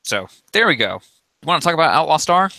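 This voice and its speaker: Bright-voiced dry podcast co-host man. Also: fairly high pitch, big pitch swings, fast, vocal fry, no room sound. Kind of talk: casual chat, introducing episodes.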